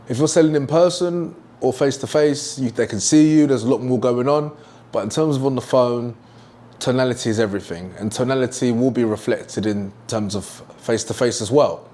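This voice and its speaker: A man's voice: medium pitch, moderate pace, mellow. A young man teaching a sales lesson at a whiteboard, emphatic and repeating his key points. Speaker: sales trainer.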